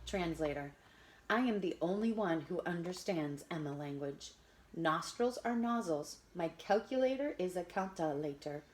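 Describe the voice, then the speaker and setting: A woman reading a picture book of poems aloud to children, expressive and adding chatty asides to her listeners. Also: lowish voice, moderate pace. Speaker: reader.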